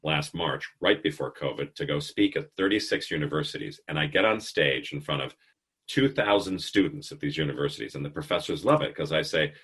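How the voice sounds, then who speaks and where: Very deep husky-voiced man in his fifties. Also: brisk. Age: 50s. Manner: animated, swearing storyteller. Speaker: podcast host. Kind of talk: casual interview chat.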